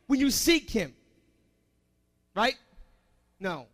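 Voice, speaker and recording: A man preaching a sermon as pastor, asking the congregation questions and swinging between quiet asides and loud emphatic lines. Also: very high-pitched, animated, moderate pace.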